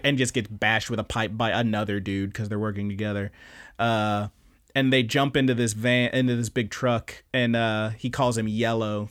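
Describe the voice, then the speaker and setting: A man's voice: medium pitch, a bit bright. A man chatting casually on a podcast, walking through the plot of an anime episode. He rambles, swears freely and trips over his own sentences as he goes. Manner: rambling, profane, self-interrupting. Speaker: podcast host. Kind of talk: casual anime recap chat.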